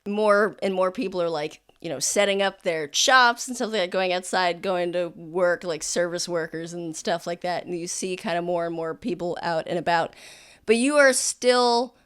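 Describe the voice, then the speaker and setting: A woman's voice: on the low side, normal speed, smooth. A woman narrating a tabletop game as game master, in a rambling, filler-heavy way.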